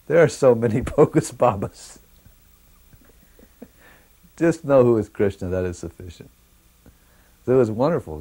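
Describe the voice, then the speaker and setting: Low, dark-toned man, halting speech. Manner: halting, with many "uh"s and restarts. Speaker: devotee recalling memories. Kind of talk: anecdotal storytelling.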